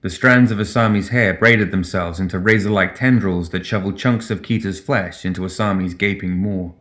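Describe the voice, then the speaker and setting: Deep voiced guy reading a grim fantasy story, steady and measured. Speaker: narrator. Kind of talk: scripted narration of a dark fantasy story.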